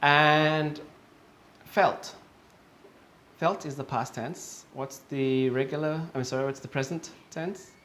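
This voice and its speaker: A man's voice: on the high side, steady tone, takes it slowly, a bit bright, a little hiss or hum. A man teaching English pronunciation, patiently repeating each word for learners, with frequent fillers and self-corrections. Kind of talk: online pronunciation lesson.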